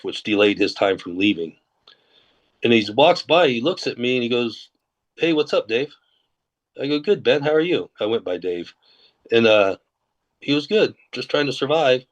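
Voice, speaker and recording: Low-voiced man telling a story. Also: highs cut off. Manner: relaxed anecdotal telling, acts out quoted dialogue. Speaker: former corrections officer and undercover officer, guest. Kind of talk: storytelling in a podcast interview.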